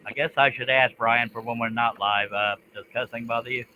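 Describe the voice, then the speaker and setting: A man's voice: mid-range voice, fairly even intonation, brisk, bright, forceful tone, slight background noise, rough recording. A man hosting a live stream, chatting casually and teasing his co-hosts. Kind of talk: casual workshop banter.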